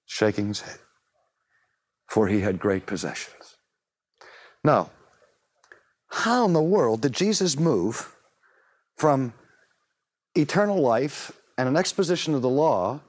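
A man preaching a sermon, emphatic and animated, asking rhetorical questions and changing his voice to act out the people he quotes. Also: fairly high pitch.

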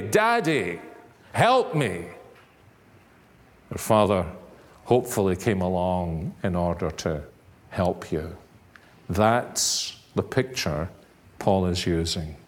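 A man preaching a sermon in a measured, earnest way, now and then rising to sudden emphatic stress. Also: lowish voice.

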